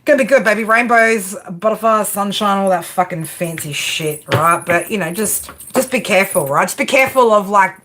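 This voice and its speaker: A woman doing a live tarot reading, talking straight to the viewer in a brash, sweary, chatty way. Her pitch sits in a middle range for a woman. A steady noise runs clearly under her voice. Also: a little fast, hardly any pauses. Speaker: tarot reader.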